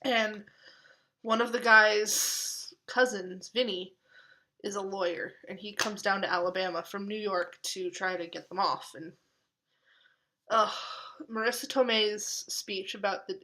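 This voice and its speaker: A young woman chatting casually in a vlog, laughing often and dropping into soft asides. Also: mid-range voice, steady tone, measured pace. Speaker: vlogger.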